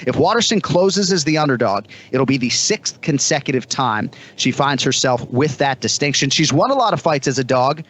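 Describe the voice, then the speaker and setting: Brief: male podcast host, Boston accent, brisk odds-and-stats delivery, mid-pitched. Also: animated, a bit bright. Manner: brisk, stat-heavy questioning. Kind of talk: fight preview, reading odds.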